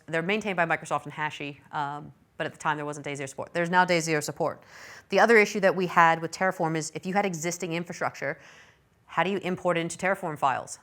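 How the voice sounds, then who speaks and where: A lower-voiced middle-aged woman presents a technical session at a conference. Her delivery is chatty and informal. She drops in self-deprecating, apologetic asides as she goes. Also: fairly bright tone. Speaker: conference speaker.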